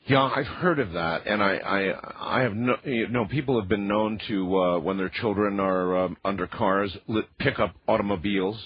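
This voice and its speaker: A man hosting a late-night radio talk show, asking probing questions with halting restarts. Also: lowish voice, breathy edge. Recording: dull lo-fi radio broadcast.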